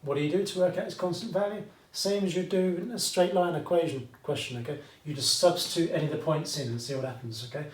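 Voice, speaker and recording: A British man's somewhat high voice moves fast with few pauses as he teaches maths at a classroom whiteboard, chatty and full of asides, often saying "okay?". The recording is echoey, with him distant from the mic.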